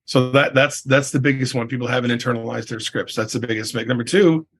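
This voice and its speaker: A man's voice: medium pitch, fairly even intonation, fast talker, a bit bright, slightly rough. A middle-aged man, a real estate coach, talking in a casual podcast interview with an emphatic manner, often tagging "right?" onto his points. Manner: emphatic, leans on "I mean" and "right?".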